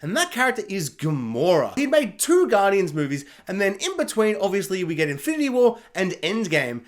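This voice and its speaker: A film reviewer talking through a movie in a casual, chatty way, full of asides and fillers, now and then acting out characters in quick mock voices. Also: medium pitch, big pitch swings, slight background noise.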